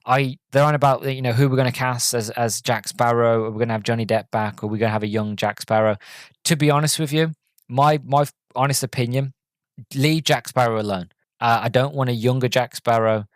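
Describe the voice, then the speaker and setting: A man's voice: medium pitch, steady tone, fairly quick, no room sound, studio quality. A man hosting a podcast, giving a casual spoken film review. He rambles with many fillers and restarts, and he sounds deflated and let down.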